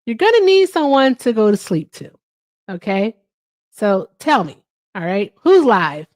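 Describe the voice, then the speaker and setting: A woman's voice: on the high side, very animated, a little slow, a little mellow, dry recording. A woman hosting a casual livestream. She is chatty and upbeat, says "all right" often and swears casually. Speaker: livestream host.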